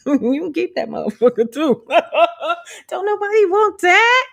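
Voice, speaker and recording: A woman's voice: extremely high pitch, measured pace, gravelly. A middle-aged woman vlogging candidly about empowerment, sassy and profane, laughing often.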